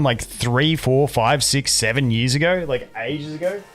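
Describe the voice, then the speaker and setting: A man's voice: mid-range voice, a bit bright. A man with an Australian accent, born in Canada, chatting loosely with his viewers as a gaming streamer, full of "like" and "dude". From Canada, raised in Australia. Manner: rambling, chatty, frequent "like" and "dude". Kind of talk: casual chat with live chat. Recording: faint music behind.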